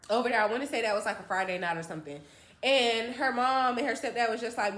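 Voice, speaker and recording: A young woman spins a casual storytime for her viewers. Her voice sits a little high, and she chats along, acting out every line her friends said. The room around her is echoey. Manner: chatty, animated, acts out quotes from friends. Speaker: storytime vlogger.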